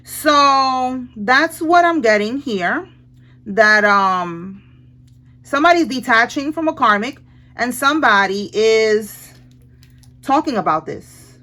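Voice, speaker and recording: A woman with a slightly high voice gives a loose, chatty tarot reading. She talks bluntly in casual slang and laughs easily between thoughts. Her tone stays relaxed and conversational. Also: slow pace. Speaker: tarot reader.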